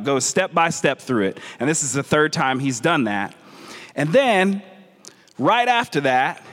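A man's voice: fairly high pitch, fairly bright tone. A man with a Southern American accent preaching a conversational sermon, often restarting and repeating words. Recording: long reverb of a large hall.

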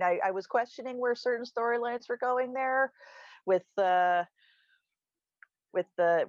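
A woman's voice: mid-range voice, no room sound. Enthusiastic woman on a lo-fi podcast. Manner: enthusiastic fan, rambling with many fillers. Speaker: podcast co-host. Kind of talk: casual podcast chat. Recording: dull lo-fi recording.

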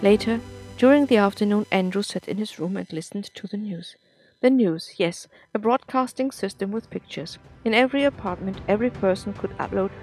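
A woman reading a serialized story aloud for her podcast in a steady, plain manner. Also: mid-range voice, brisk, faint music behind. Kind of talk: scripted story narration.

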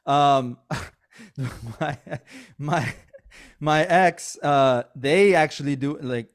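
A man's voice: fairly high pitch, drawn-out words. A man hosting a podcast in casual, joking chat, laughing often and trailing off mid-sentence. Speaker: podcast host.

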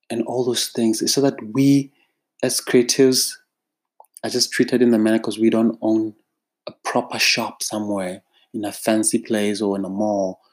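A South African man, a freelance creative, speaking in an emphatic, exasperated monologue straight to camera. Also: mid-range voice. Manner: emphatic, exasperated, drawn-out phrasing.

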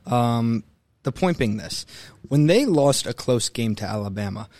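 A young man talks sports with strong opinions, getting animated as he builds his case. His voice sits in an ordinary middle range. The recording is dry and close. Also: medium pitch, measured pace, dry recording. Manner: animated, opinionated, mimics coaches mid-rant. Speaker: sports podcast co-host. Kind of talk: casual sports talk.

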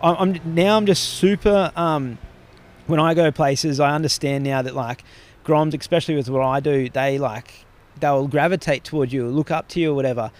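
A man's voice: on the high side, fairly even intonation, moderate pace. An Australian man talking as a podcast guest, rambling through stories and swearing freely in casual conversation.

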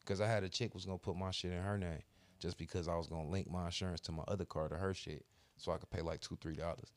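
A man's voice: low voice, steady tone, fast talker. A man co-hosting a podcast in casual chat, telling a story with heavy cursing and slang. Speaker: podcast co-host.

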